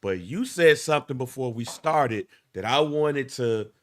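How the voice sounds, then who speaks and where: A man's voice: medium pitch, animated, measured pace. A man co-hosting a podcast who speaks in an emphatic, declarative way. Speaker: podcast co-host. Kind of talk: casual chat.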